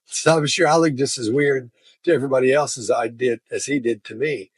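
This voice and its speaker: Brief: man, relaxed chatty storyteller, husky low voice, dry recording. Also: a little fast, no room sound. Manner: chatty, laughs while telling stories. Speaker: body language expert. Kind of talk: casual storytelling.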